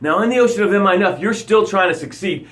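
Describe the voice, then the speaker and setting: A man hosting a motivational live broadcast, speaking directly to his listeners in short punchy phrases and swinging from loud emphasis to hushed low lines. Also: lively intonation, fast talker. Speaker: motivational coach and show host.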